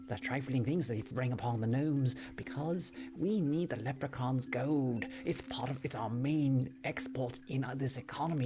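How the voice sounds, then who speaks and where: A woman's voice: a bass voice, noisy background. A woman improvising as a pompous village quest-giver, speaking mock-formally with an attempted Irish accent that drifts into British, restarting her phrases as she rambles. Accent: attempted Irish slipping into British. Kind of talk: improvised role-play on a livestream.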